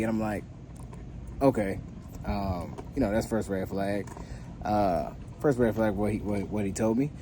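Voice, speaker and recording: A man who trains dogs, casually telling a story to his viewers in a relaxed, rambling way, full of fillers and restarts. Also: on the low side, a little slow, a little hiss or hum. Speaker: dog trainer.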